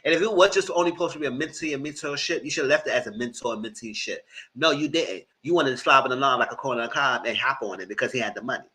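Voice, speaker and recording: A man giving live commentary on a reality TV show, animated and cussing, mocking the people in it. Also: mid-range voice, quick pace, low-quality recording. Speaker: reality TV reviewer.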